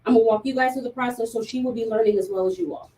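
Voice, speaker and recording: A chatty woman hosts a casual livestream in a fairly high voice, laughing often and leaning on fillers. She is a little far from the mic, with faint room noise behind her. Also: racing, dark tone. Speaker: livestream host.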